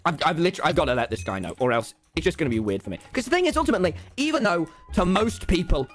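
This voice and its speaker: A young British man tells a story on stream in a high, lively voice that keeps leaping up and down. He swears freely and acts out every voice in the exchange. Faint music plays under him. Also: very fast. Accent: British English. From England. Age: young adult. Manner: excitable, swears a lot, acts out both sides of the exchange.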